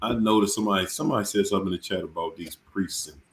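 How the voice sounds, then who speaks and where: A male host in casual live-stream chat, animated and preachy, often repeating his words. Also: low-pitched, rapid-fire, reverberant, a little hiss or hum.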